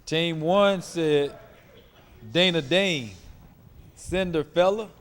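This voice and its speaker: A man reading out the teams' answers at a trivia game in a slow, deliberate way. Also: a little high, a bit bright, long reverb tail. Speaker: answer reader at a quiz.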